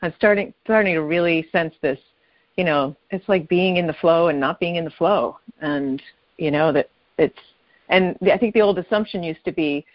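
A woman caller muses her way through her thoughts, with a rather low voice and many small fillers. The sound is dull and lo-fi. It is also dry, with no room around it. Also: dry recording. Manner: musing, many fillers, quick laughs. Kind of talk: casual reflective chat.

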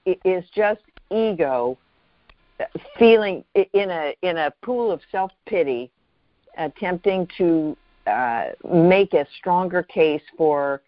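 A show host reflecting slowly and thoughtfully, often pausing to find the next phrase. The voice sits in a middle register, recorded close and dry with a slightly muffled, lo-fi sound. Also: medium pitch, animated, no room sound. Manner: thoughtful, searching, halting phrasing. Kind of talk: reflective spiritual talk.

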